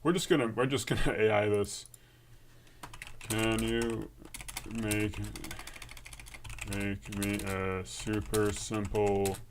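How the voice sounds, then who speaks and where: Low-voiced man rambling through live coding. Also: slight background noise. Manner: rambling, thinks aloud with many fillers and restarts. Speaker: livestream host. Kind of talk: casual live coding chat.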